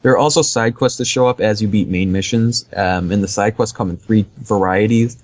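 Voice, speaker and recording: A man's voice: lowish voice, fairly quick, no room sound. A man co-hosting a podcast, casually rambling through a game review with lots of fillers and easy laughs. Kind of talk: casual chat.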